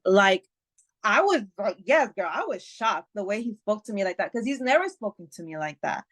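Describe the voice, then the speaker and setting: This woman's medium-pitched voice has a sing-song lilt and a fairly bright tone, moving at a moderate pace. She's a podcast guest sharing a personal story in relaxed chat, and the retelling turns emotional. Profanity comes easily to her, as do constant fillers like "like" and "you know."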